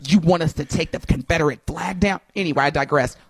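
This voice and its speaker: A woman's voice: sits low, quick pace, slightly rough, dry recording. A woman co-hosting a talk show, chatting animatedly with exclamations and laughter. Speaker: co-host. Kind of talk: casual commentary chat.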